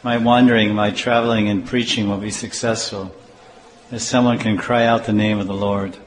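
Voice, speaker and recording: Male preacher for a scripture class, unhurried and repetitive, acts out exchanges, echoey hall with faint room noise. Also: lowish voice, flat delivery. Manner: slow, repetitive, acts out dialogue.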